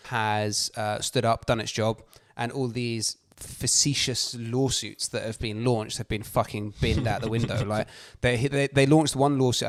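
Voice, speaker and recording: A man's voice: medium pitch, no echo, studio quality. A man co-hosting a podcast in casual chat, ranting with slang and swearing. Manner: animated, swears, slangy rants. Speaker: podcast co-host.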